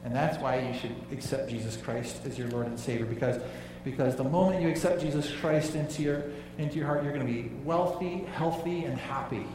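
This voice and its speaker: A man preaching a sermon, emphatic, dropping low and quiet on key phrases. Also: a little fast, few pauses, distant mic, noisy background. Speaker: pastor. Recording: echoey hall, voice from off-mic.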